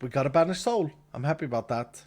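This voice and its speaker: A man's voice: fairly high pitch, expressive, quick pace, darkish tone. A man streaming a game live, chatting casually with his viewers, reading chat, thanking donors and laughing easily.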